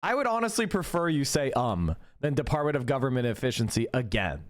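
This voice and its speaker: A man's voice: medium pitch, very animated, a little fast. A man streaming his reaction to a debate, sarcastic and exasperated, swearing heavily. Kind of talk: profane reaction commentary.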